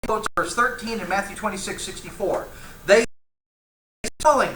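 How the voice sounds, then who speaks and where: A man's voice: high-pitched, normal speed, pauses often, sharp tone, slight background noise. Man, Bible class teacher, conversational lecture, reads aloud with asides, echoey church classroom. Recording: roomy, echoey room with faint ambience.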